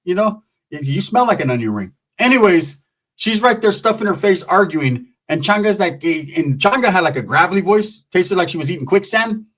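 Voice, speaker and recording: Profane, animated high-voiced storyteller. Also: male voice, a little fast. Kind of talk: comedic storytelling.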